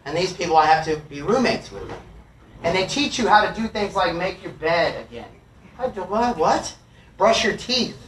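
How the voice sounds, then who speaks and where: A middle-aged man tells a confessional story to a live audience, cursing freely and swinging between loud outbursts and hushed asides. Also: high voice, big pitch swings, moderate pace, slight background noise. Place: live music venue. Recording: echoey live room, from far off.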